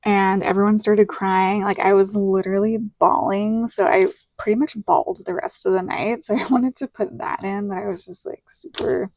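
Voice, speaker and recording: A Southern American woman in her thirties talks through her week in a relaxed, chatty way as she sticks stickers in her planner. Her voice sits at a medium pitch and sounds close and dry, with no room echo. She keeps acting out what people said. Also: normal speed, hardly any pauses. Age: 30s. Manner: chatty storytelling with lots of likes and quoted dialogue. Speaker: planner vlogger. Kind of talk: casual chat while decorating a planner.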